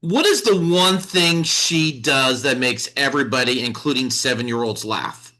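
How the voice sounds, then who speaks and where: A man's voice: medium pitch, normal speed, sharp tone, poor audio. A man who teaches English giving a confident impromptu speech at a club meeting.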